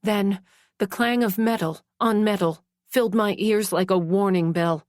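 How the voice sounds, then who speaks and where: A woman narrating a dark romance in first person, anguished and at times breathy. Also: mid-range voice, measured pace, no room sound, clean studio sound.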